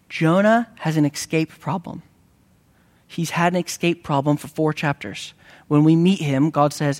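A man preaching a sermon, earnest, with dramatic rises and slow, emphatic repetitions. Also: fairly high pitch. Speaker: pastor.

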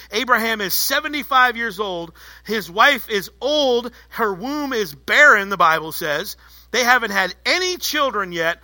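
A man's voice: high voice, animated, normal speed, pushed and bright, no echo. A man preaching a sermon as pastor, emphatic and rhetorical, repeating key phrases.

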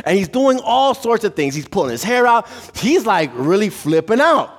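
Male pastor, higher-pitched, animated sermon delivery with acted-out story voices. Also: moderate pace, few pauses. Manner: animated, acts out voices in a story, laughs at own jokes.

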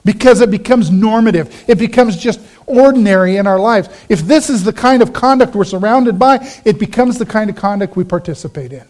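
A middle-aged man, a pastor, giving a conversational sermon and telling a personal story, quoting friends in a lowered voice. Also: fairly quick, hardly any pauses, a little mellow.

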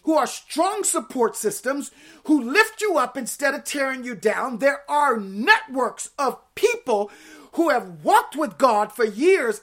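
A woman with a high voice preaches to her church, keeping her sermon conversational and lively. She breaks off for playful asides to the people in front of her. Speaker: pastor.

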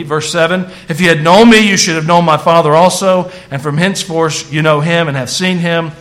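Pastor guy preaching, kinda high voice, chatty then fired up. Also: brisk, few pauses, a bit bright. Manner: conversational, rising to fervent emphasis. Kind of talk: sermon.

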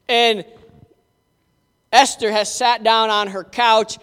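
A man preacher telling a Bible story in a lively, conversational way, with asides to the listeners. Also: sits high, unhurried, smooth. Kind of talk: dramatic Bible storytelling sermon. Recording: echoey hall reverb.

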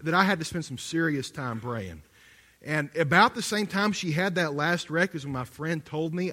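A man's voice: fairly high pitch, bright, forceful tone. A middle-aged man, a pastor preaching a sermon as a conversational story, with restarts and asides to the congregation. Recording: long hall reverb.

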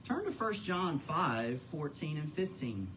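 A man's voice: fairly high pitch, big pitch swings, unhurried, fairly bright tone, a little hiss or hum, rough recording. Preaching man with a lifted voice. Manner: preaching with big rising emphasis on key words. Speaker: pastor. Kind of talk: sermon. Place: church.

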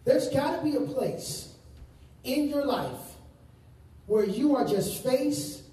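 A male pastor preaching a sermon to a congregation, stressing words and stretching out key phrases slowly. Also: extremely high pitch, animated, mellow. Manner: emphatic preaching with slow drawn-out phrases. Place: large room with congregation. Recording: very echoey room, distant mic.

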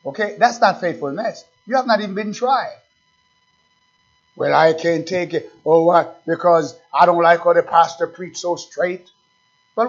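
Fervent high-voiced male preacher. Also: highs cut off. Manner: preaching with rising fervor, rhetorical questions. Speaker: pastor. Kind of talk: sermon.

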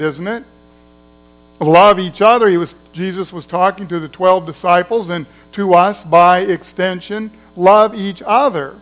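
Male pastor, sermon, high voice, slow unhurried delivery, faint mains hum. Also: rough recording. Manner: conversational preaching, acts out quoted voices.

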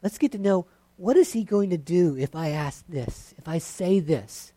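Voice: medium pitch, animated, normal speed, mellow, no echo. A preacher giving a sermon in a conversational, self-deprecating way.

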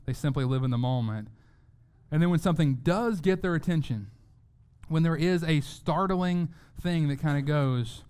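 A man's voice: on the high side, a little mellow, clear, resonant tone. Earnest man preaching a sermon. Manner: earnest, repeats words when stressing a point. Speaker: pastor.

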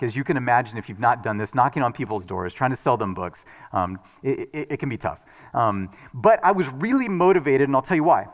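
Animated man preaching in a hall. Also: on the high side. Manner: earnest, animated storytelling with restarts. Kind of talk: sermon with personal story. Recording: reverberant hall.

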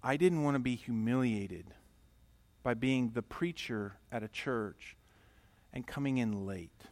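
In an unhurried, mid-range voice, the middle-aged pastor delivers his sermon around a personal story. He swings between loud, forceful passages and soft, intimate ones.

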